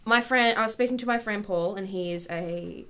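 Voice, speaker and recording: A woman's voice: mid-range voice, moderate pace, a bit bright, a little hiss or hum. A woman, a guest on a casual podcast, chatting in a sassy, swearing way. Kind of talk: casual chat.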